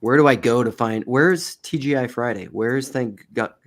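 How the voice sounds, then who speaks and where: A man co-hosting a livestream, chatting in a relaxed, rambling way. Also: medium pitch, moderate pace. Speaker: livestream co-host. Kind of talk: casual chat.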